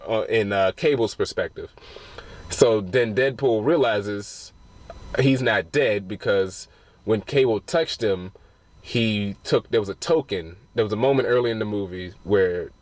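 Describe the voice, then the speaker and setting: A man giving a casual, rambling spoiler review of a film, retelling scenes with plenty of swearing. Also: lowish voice.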